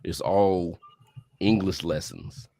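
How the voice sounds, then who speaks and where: A man chatting casually in a group, animated, jumping into high squeals when joking. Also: slow pace, gravelly, no echo. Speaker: podcast host.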